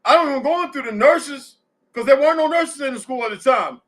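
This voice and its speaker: Hosting a casual live audio discussion, a middle-aged man tells stories bluntly and plainly, cursing freely along the way. His voice is high, bright and expressive, and he talks at a quick pace.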